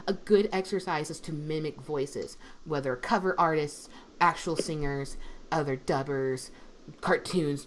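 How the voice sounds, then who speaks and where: Lively young woman in a casual chat. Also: sits low. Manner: animated storytelling, lots of fillers, swings in loudness. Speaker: substitute teacher and voice actor. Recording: faint background noise.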